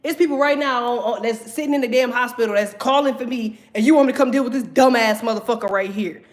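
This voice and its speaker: A woman's voice: on the high side, fast talker, lightly acted. A woman playing a brash, impatient spirit guide. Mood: exasperated. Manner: brash, cursing, dismissive.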